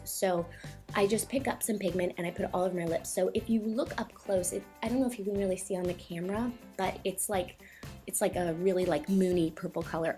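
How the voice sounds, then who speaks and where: Young woman, casual tutorial voice-over, fast and chatty, slightly out of breath, soft music under. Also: mid-range voice. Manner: chatty, quick, filler-heavy. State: a little out of breath. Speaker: makeup vlogger.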